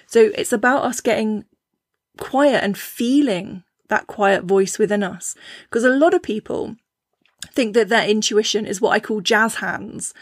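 A woman hosting a casual talk on intuition, chatty, with lively quoted voices and frequent restarts. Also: mid-range voice, a little slow, husky, no room sound, clean studio sound. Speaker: podcast host.

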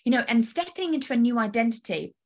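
On her solo coaching podcast, a woman addresses the listener directly, energetic and emphatic, firing off rhetorical questions. Her voice is a little high, and she talks fast.

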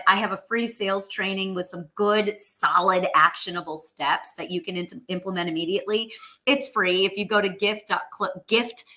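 A woman's voice: lowish voice, sharp tone. A woman, hosting a casual live stream, chatting with viewers, greeting them by name and filling in with lots of ums and restarts. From New York. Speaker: host of live stream, sales coach.

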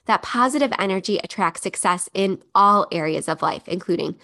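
A woman's voice: mid-range voice, lively intonation, normal speed, creaky, bright, forceful tone. A woman in her thirties hosting a solo podcast, talking in a heartfelt, emotional way. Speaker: podcast host.

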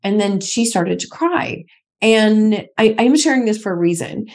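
Middle-aged woman, podcast guest, husky gravelly voice, emphatic, keeps repeating herself for stress. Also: mid-range voice, expressive, a little slow, darkish tone. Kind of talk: candid personal storytelling.

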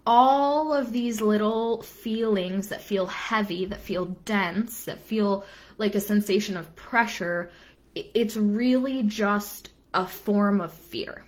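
A woman's voice: medium pitch, takes it slowly. Earnest woman coach talking to viewers. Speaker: business coach. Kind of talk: live-stream coaching talk.

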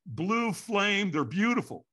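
A man telling a story in an animated way, acting out the quotes and sounds. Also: sits high, takes it slowly. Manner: lively, acts out quotes and sounds.

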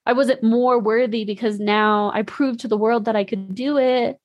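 Young female podcast host, slightly high voice, dry close mic, loose and candid monologue with fillers and swearing. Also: fairly even intonation, normal speed, no echo, highs cut off. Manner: candid, rambling, frequent "like" and swearing. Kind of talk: casual monologue.

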